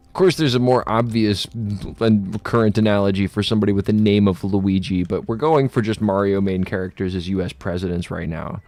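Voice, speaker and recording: A man's voice: on the low side, brisk, hardly any pauses, darkish tone, no echo. A man chatting casually on a live stream while playing a game, rambling and joking with frequent stammered restarts and laughter.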